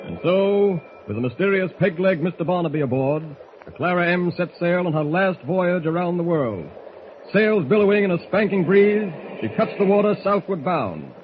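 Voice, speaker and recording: A man's voice: high-pitched, lively intonation, moderate pace. A man narrating a radio drama in a dramatic, announcer-style delivery. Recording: tinny noisy old radio recording.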